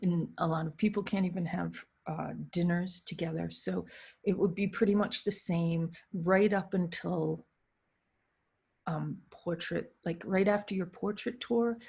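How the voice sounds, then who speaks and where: A woman's voice: fairly low pitch, steady tone, measured pace, creaky, a little mellow, slightly rough. A young woman with a New England accent, a wedding photographer chatting casually and rambling a bit as she hosts a solo Q and A. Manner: chatty, rambling, self-deprecating. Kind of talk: casual solo livestream talk.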